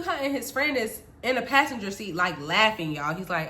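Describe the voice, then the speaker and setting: A woman vlogger telling her childhood story in casual chat, animated, laughing often and calling her viewers y'all. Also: medium pitch, normal speed, few pauses.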